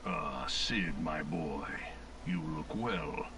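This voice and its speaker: An imperious enemy general in a video game cutscene, speaking with cold, mocking authority. His voice is very deep and unhurried. It sounds set back from the mic under a clear layer of noise. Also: recorded from a distance, full character voice. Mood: scornful.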